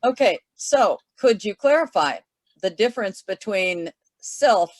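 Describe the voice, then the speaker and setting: A woman's voice: mid-range voice, expressive, measured pace, dry recording. A woman moderating a webinar, asking a question politely and with some hesitation.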